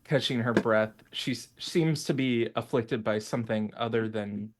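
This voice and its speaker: A man running a tabletop game as game master, narrating haltingly with many fillers and restarts. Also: medium pitch, background noise.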